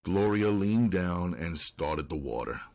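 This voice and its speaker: A man narrating an audiobook in a steady, unhurried storytelling manner. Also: low-pitched.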